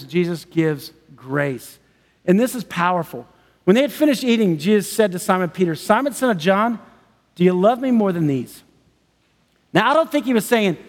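High-voiced enthusiastic man preaching. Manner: enthusiastic, chatty with frequent laughs. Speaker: pastor. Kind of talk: sermon. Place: large church hall. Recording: long church-hall reverb.

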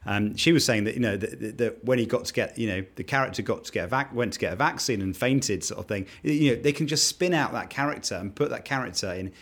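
British guy, quick and chatty, kinda rambles, easygoing. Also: mid-range voice, fairly bright tone. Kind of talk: casual conversation.

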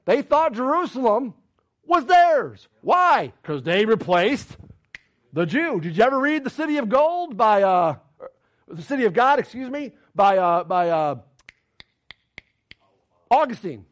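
A man's voice: very high voice, big pitch swings, unhurried, long pauses, fairly bright tone. Preacher guy, fired up and argumentative, voice swoops all over the place. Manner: emphatic, argumentative, rhetorical questions. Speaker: pastor. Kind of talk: sermon.

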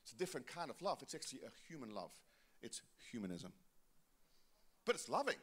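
A man preaching a sermon in church, calling the congregation to respond and swinging between loud emphasis and quiet asides. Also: medium pitch, sing-song, a little fast, slightly rough. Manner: exhorting the congregation, calls for responses. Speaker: pastor.

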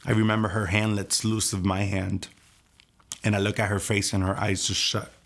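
Low gravelly man recounting a testimony. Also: level tone, moderate pace. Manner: hushed, intense recounting, often drops to near whisper. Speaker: testimony speaker. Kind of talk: personal testimony storytelling.

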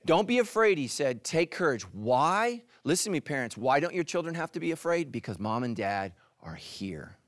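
Animated pastor preaching, dry close sound. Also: male voice, on the high side, moderate pace, few pauses, no echo. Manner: animated preaching, swings from loud to hushed. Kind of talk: sermon.

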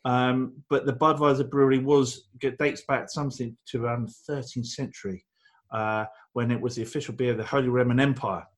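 A man's voice: mid-range voice, steady tone, fairly quick. A man co-hosting a casual beer-tasting chat, rambling and enthusiastic, with frequent restarts and fillers. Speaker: podcast co-host.

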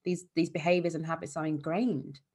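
A woman's voice: low-pitched, fairly even intonation, fairly quick, slightly rough. A woman therapist for eating disorders, talking in a casual, explanatory way in an interview. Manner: warm, explanatory, fillers like "like" and "you know".

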